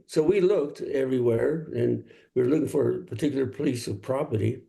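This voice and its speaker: An older male singer-songwriter from Los Angeles, telling stories in a relaxed interview and laughing often. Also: medium pitch, normal speed, vocal fry. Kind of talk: casual interview talk.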